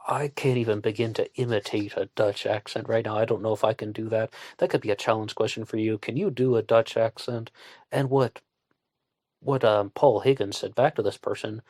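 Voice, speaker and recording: A man's voice: on the low side, darkish tone, no echo, clean studio sound. A man from Virginia, hosting a true-crime podcast in a rambling, conversational way and asking his listeners questions. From West Virginia, USA. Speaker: podcast host. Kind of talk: casual true-crime narration.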